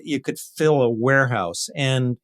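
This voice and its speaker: A man from East Los Angeles, a scientist guest, telling his story in an interview with lively asides. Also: medium pitch, unhurried.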